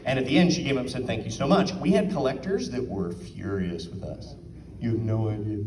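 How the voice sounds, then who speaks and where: A man speaks briskly in a mid-range, darkish voice, giving a chatty talk to a live audience at an art auction. He asks the crowd questions and acts out quotes. The mic is far away, leaving a roomy sound with a little hiss or hum.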